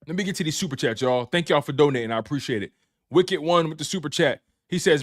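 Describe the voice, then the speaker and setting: A man's voice: fairly high pitch, brisk. A man hosting a live-stream sports recap, hyped and talking straight to his chat, repeating phrases for emphasis. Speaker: sports show host. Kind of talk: excited live-stream recap with super chats.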